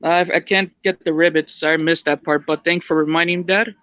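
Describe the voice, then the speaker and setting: A man's voice: fairly high pitch, fairly even intonation, brisk, sharp tone, clear, resonant tone, no room sound, highs cut off. A man chatting as a guest on a video call, hesitant and repeating his words. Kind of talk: casual video-call chat.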